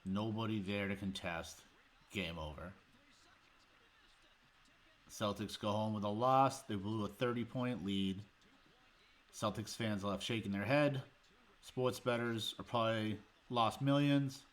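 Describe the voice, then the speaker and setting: A man's voice: fairly low pitch, measured pace, long pauses. Exasperated man ranting about a game. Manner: exasperated, heated, sarcastic. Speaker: sports podcast host.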